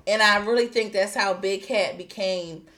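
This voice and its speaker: A woman's voice: medium pitch, normal speed. A young woman from the Baltimore area with a Baltimore accent, co-hosting a casual podcast and telling stories with frequent laughs. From Baltimore area, USA. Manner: storytelling, laughs often, animated. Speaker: podcast host. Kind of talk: casual chat among cousins.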